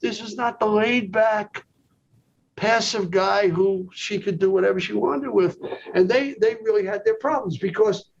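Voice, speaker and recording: High-voiced man telling a counseling story. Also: measured pace, vocal fry. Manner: storytelling, peppered with "okay". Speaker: psychologist guest. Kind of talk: anecdotal storytelling interview. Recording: dull lo-fi recording with faint noise.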